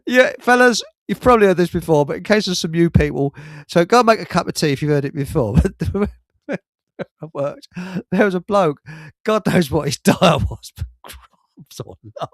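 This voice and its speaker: A man with a fairly high voice hosts a live stream, rambling through casual stories and chuckling as he goes. The sound is close and dry, with no room around it. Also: animated, moderate pace, no room sound. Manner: rambling, laughs often at his own stories. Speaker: host of a live stream show. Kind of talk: casual chat, anecdotes.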